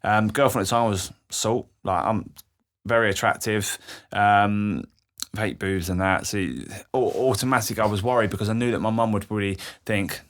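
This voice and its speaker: A young man appears as a podcast guest, sharing a candid personal story with emotion, swearing freely and acting out the voices of people he quotes. He speaks at normal speed in a fairly low, steady voice.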